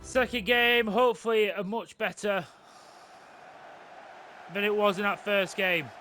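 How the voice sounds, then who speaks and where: A gaming host doing let's-play commentary, excitable and swearing as they rant at the game. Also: mid-range voice, measured pace, faint music behind.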